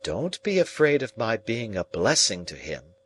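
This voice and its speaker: A man's voice: lowish voice, very animated, a little hiss or hum, low-quality recording. Estella, a cold proud young woman, read by a man. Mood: dismissive. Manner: cool, contemptuous, measured.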